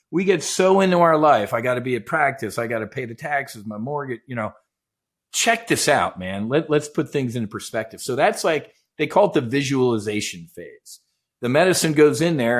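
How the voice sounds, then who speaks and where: An intense middle-aged man telling a personal story with passion and lots of acted-out dialogue. His voice sits at an ordinary middle pitch. He swears freely and speaks with a casual, unpolished edge. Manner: intense, swearing, animated retelling with quoted dialogue. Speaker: guest, former naval aviator. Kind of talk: emotional storytelling in casual chat.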